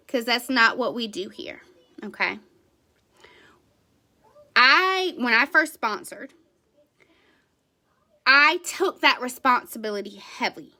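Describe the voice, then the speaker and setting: High, bright-voiced woman sales leader. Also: lively intonation, takes it slowly, long pauses. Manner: emphatic, repeats phrases, keeps checking in with "right?" and "okay?". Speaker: direct sales team director. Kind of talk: motivational talk to her sales team.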